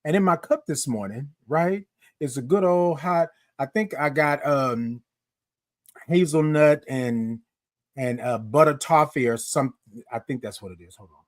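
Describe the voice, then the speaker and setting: Lively chatty man hosting a morning show. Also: fairly high pitch, unhurried, no room sound, studio quality. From Houston, Texas. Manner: lively, chatty, sings out greetings to viewers. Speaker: host. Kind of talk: live-streamed morning show chat.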